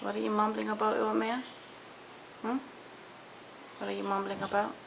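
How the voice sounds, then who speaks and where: A woman's voice: medium pitch, monotone, moderate pace, gravelly. A woman at home talking baby talk to her pet parrot, cooing and playfully scolding it. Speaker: parrot owner. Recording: noisy home video.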